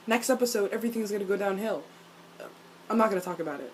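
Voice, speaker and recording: A young woman recapping a TV episode in a casual, animated and sweary way, acting out characters in mock voices. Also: mid-range voice, fast talker, a little hiss or hum. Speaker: TV recap vlogger.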